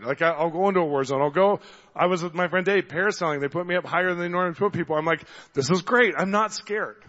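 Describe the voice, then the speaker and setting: A man preaching a sermon, telling stories in an animated way, acting out the voices of the people in them and getting loud at times. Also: sits high. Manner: animated storyteller, acts out voices, gets loud. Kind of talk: sermon with storytelling. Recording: dull long hall reverb.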